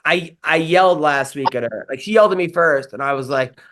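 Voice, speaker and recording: A man's voice: fairly high pitch, fairly quick, fairly bright tone. A man, a comedian and podcast host, telling a rambling story in casual chat, full of fillers and swearing.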